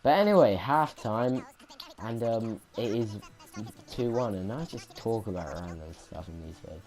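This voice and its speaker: A man's voice: on the low side, unhurried, darkish tone, faint music behind, low-quality recording. A young man casually commentating his football game footage, rambling and chatty with many ums and restarts. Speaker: gaming commentator. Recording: noticeable background noise.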